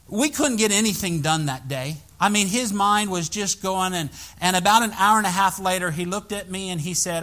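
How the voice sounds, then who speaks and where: A male pastor preaching a sermon in a church, telling a story with animated, emphatic rises in his voice. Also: high-pitched, normal speed, few pauses.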